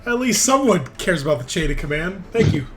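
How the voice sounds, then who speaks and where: A man's voice: high-pitched, sing-song, brisk, music in the background. A man narrating as game master of a tabletop game, casual, joking and profane.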